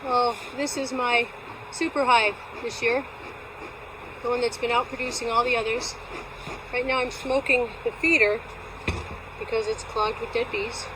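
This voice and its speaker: A woman beekeeper chats on camera at her bee yard, her voice sitting a little high. She teases herself as she explains her work. Outdoor noise and passing vehicles are clearly heard behind her. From Alaska. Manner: chatty, playful and self-teasing. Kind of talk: casual outdoor how-to vlog.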